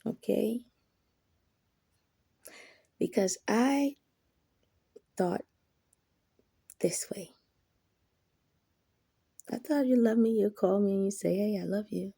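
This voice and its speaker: A woman with a gravelly, mellow voice speaks in an unhurried, candid monologue. She is reflective but blunt, cursing freely as she makes her points, and the recording sounds close and dry. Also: medium pitch, dry recording. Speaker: vlogger.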